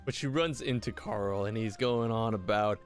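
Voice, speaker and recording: A young man giving a comedic recap of an old TV episode, sarcastic and rambling, with sudden high-pitched outbursts. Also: moderate pace, soft background music. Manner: sarcastic, rambling, jumps up in pitch when ranting. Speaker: video commentator.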